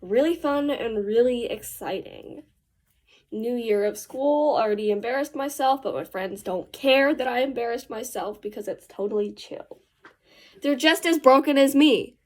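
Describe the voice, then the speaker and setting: A woman's voice: on the high side, normal speed. A teenage girl telling a rambling story in a casual, chatty way while she does her makeup, with slangy asides. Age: teens. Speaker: vlogger.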